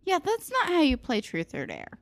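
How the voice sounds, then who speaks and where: A woman's voice: high-pitched, huge pitch swings, normal speed, no echo. A woman co-hosting a casual podcast, recapping a TV episode in a chatty, sarcastic way, swearing freely. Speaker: podcast co-host.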